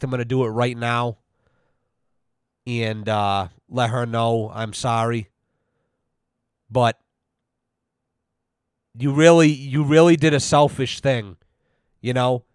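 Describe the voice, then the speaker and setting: This time the host has a medium pitch and a steady, smooth tone, speaking slowly with frequent pauses; the studio-quality audio has no room sound. He delivers a mock-serious rant on his own show, swearing and repeating "you know" a lot.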